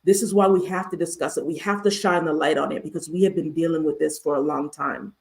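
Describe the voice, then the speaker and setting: Her voice is deep and a little mellow, steady in tone yet quick in pace. She is an American therapist with a master's degree, hosting a livestreamed talk on mental health and leaning on emphatic, repeated rhetorical questions.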